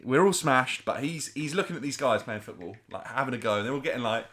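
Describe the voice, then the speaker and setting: A man, co-hosting a podcast and telling a story in an animated, chatty way. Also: mid-range voice, fast talker. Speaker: podcast co-host. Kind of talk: casual storytelling chat.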